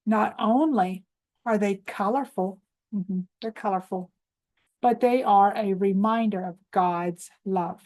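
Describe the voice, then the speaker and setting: A woman teaching toddlers at an unhurried pace, leading clap-along chants and prompting the children to repeat after her. Her voice sits at an ordinary middle pitch, and she pauses to answer her own questions for them. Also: darkish tone. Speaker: preschool teacher host. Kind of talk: children's morning lesson.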